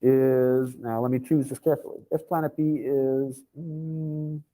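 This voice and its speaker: A man teaching physics to a live online class, his voice mellow and relaxed. He thinks aloud as he goes, reads formulas out slowly and drops casual asides. He sounds like he is talking into a computer mic on a video call. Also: medium pitch, low-quality recording.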